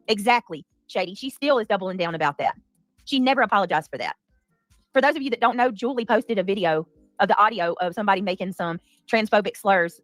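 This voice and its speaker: A woman's voice: medium pitch, fairly bright tone, no echo. A woman hosting a commentary livestream, talking in an indignant, defensive and emphatic way. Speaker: livestream host.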